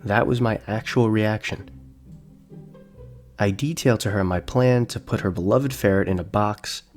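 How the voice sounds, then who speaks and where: Low-voiced man telling a story deadpan. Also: unhurried. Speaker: story narrator. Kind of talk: scripted story narration. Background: faint background music.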